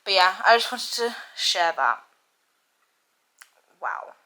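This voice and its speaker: A woman's voice: mid-range voice, expressive, slow pace, pushed and bright. Young woman, casual book vlogger; talkative, worked-up rant. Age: young adult. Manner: chatty, ranting, lots of "like" and "literally". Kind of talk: casual chat and reading aloud.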